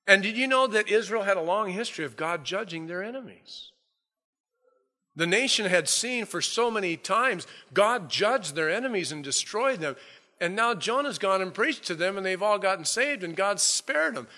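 Bright-voiced preacher in a reverberant hall. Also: male voice, sits high, moderate pace. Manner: animated storytelling, acting out biblical scenes. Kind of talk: sermon.

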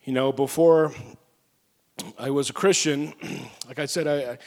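A man preaching a sermon, telling stories in an animated way and acting out his own angry outbursts. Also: on the high side, measured pace, in a large hall. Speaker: pastor.

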